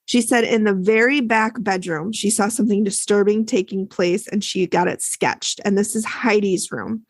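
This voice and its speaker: A woman's voice: mid-range voice, steady tone, moderate pace, breathy edge, dry recording. A woman co-hosting a podcast, casually recapping a TV episode and acting out the lines people said. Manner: chatty, retells scenes with quoted lines.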